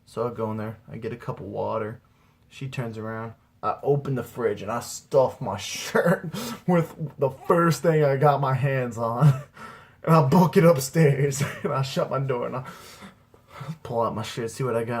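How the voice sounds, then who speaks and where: A husky young man tells a loose, rambling comic story. He talks casually at an ordinary pitch and drops "dude" every few lines. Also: moderate pace. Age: young adult. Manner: rambling, says "dude" a lot. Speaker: amateur comedian. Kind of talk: stand-up storytelling.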